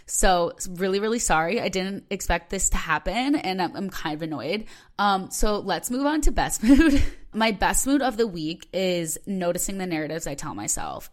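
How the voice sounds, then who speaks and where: A young woman hosting her own podcast, talking candidly and rambling with lots of filler words. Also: lowish voice. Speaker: podcast host. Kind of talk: personal podcast monologue.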